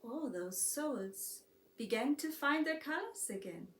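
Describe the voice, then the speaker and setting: A German-accented woman narrating a storybook tale in an unhurried, soft-spoken way. Her voice sits a little high. She is heard from a distance in an echoey room. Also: lively intonation. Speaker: harpist and storyteller. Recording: roomy echo, distant mic.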